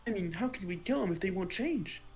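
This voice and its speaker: A woman's voice: a little high, huge pitch swings, fairly quick, slight background noise. A woman voicing a nosy, sly male gossip with a put-on, wavering Cockney-style accent, reading game dialogue. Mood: conspiratorial.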